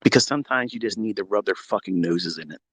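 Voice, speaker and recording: A middle-aged man, a trading mentor, talking unfiltered in a live audio room from his home basement, blunt and heavily profane, at times breaking into heated yelling. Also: fairly low pitch, lively intonation, quick pace, no room sound.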